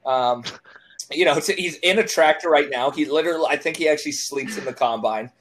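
A man hosting a casual podcast chat, joking and rambling, quick to laugh. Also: fairly high pitch, a bit bright, a little hiss or hum. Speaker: podcast host.

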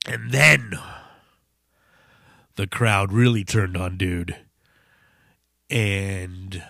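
A man hosting a podcast, telling a story in a casual, profane, animated way. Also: sits low, extremely slow, gravelly, pauses often, dry recording, clean studio sound. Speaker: podcast host.

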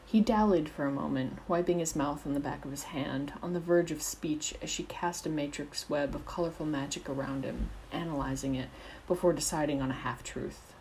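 A woman narrating fan fiction aloud in a steady, expressive storytelling voice. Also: sits low, moderate pace, slight background noise, low-quality recording.

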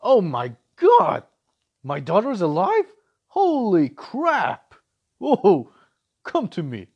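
A man hamming up an overjoyed shouting father. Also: high voice, huge pitch swings, slow, breathy edge, muffled recording, pitched above the performer's own voice, full character voice. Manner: loud, exclaiming. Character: overjoyed father greeting his lost daughter.

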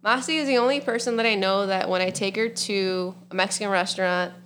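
A woman's voice: mid-range voice, fairly even intonation, a little fast, a bit bright, a little hiss or hum. A young adult woman co-hosting a podcast, chatty and laughing often as she tells a story. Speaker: podcast co-host. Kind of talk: casual chat.

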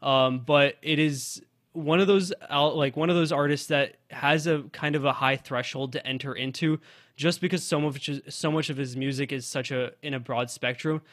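A man's voice: on the high side, steady tone, moderate pace, a bit bright, no room sound, studio quality. A man who co-hosts a college radio podcast, chatting loosely about music with lots of fillers and restarts. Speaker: college radio sports director and podcast co-host.

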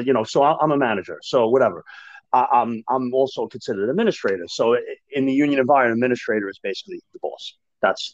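A man speaking as a union manager and podcast guest, talking frankly and emphatically in an animated conversation. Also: medium pitch, no echo. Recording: dull lo-fi dry sound.

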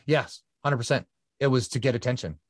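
A man's voice: medium pitch, fairly quick, no room sound, studio quality. A man, a guest endurance athlete, telling his personal story in an earnest, reflective conversational way, often repeating phrases for emphasis.

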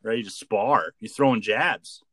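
A man with a fairly low voice trades crude wisecracks on a casual podcast. The sound is dry and close to the mic. He keeps needling his co-hosts. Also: measured pace, a bit bright, no echo. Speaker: podcast co-host.

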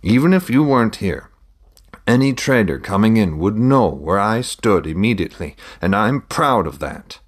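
A middle-aged trader and father, earnest and proud, talks business in a measured, matter-of-fact way, as a man reads him in an audiobook. His voice sits very low and deep. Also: sing-song. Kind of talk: audiobook reading.

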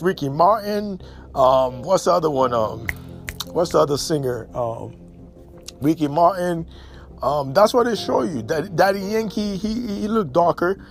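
A man from Haiti giving a blunt, emphatic casual monologue, repeating points for stress. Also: high voice. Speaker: commentator. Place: New York and elsewhere in the States.

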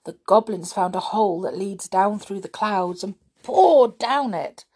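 A woman voicing a small, worried male red squirrel in a children's storybook, with a breathy voice. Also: medium pitch, expressive, unhurried, a little mellow.

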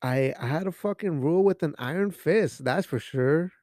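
A podcast host talks alone in a casual show, rambling and joking, swearing a lot, dropping Spanish phrases, and sipping beer as he goes. His voice sits on the high side with a darkish tone, animated at normal speed. The studio-quality recording has no room sound.

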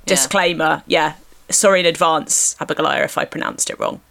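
A woman hosting a podcast in casual chat, self-deprecating and quick to laugh. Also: deep voice, gravelly, a bit bright. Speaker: podcast host.

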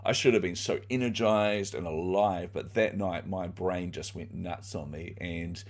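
A man's voice: low-pitched, a little slow. A middle-aged man, an author guest in an interview, telling his story candidly and animatedly with plenty of fillers. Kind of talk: conversational storytelling.

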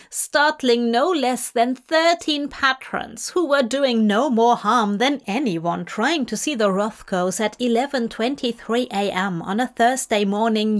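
Slow, measured woman reading fanfiction. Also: a little high. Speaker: fanfiction reader.

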